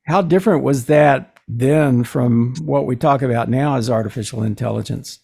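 Texan guy co-hosting, gravelly fry in his voice, curious questions. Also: medium pitch, moderate pace, a little mellow. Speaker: co-interviewer. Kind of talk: casual interview chat.

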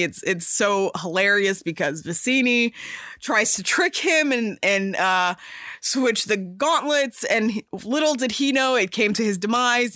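A young woman casually recapping a movie she loves, talking in an animated, slangy way with lots of laughs and fillers. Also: mid-range voice, dry recording, studio quality. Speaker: movie fan recapping a film. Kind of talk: casual storytelling chat.

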